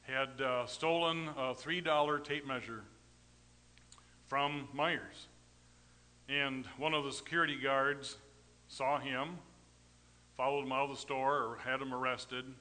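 A middle-aged man preaching a storytelling sermon, folksy and rambling, with sudden swings between loud emphasis and quiet asides. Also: mid-range voice, steady tone, unhurried, long pauses, in a large hall. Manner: folksy, rambling anecdotes with tag questions.

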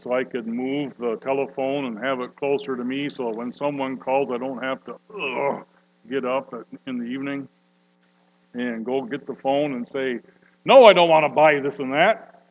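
Slow earnest male preacher, lo-fi hum. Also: medium pitch, flat delivery. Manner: slow, earnest, rising to loud emphatic peaks. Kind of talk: sermon. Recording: dull lo-fi recording with mains hum.

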